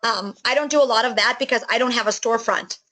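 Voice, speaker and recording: A middle-aged woman with a high voice walks a prospect through a network marketing plan. She talks enthusiastically and casually, with frequent fillers and self-corrections. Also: fast, sharp tone, poor audio. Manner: enthusiastic, chatty, many fillers and restarts. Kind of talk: sales pitch on a call.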